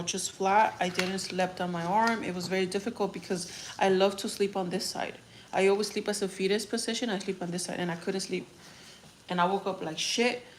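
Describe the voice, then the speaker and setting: Frank rambling woman chatting on a livestream. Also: medium pitch. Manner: rambling, frank, swears freely. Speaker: vlogger on a livestream. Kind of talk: casual livestream chat reading comments. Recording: faint background noise.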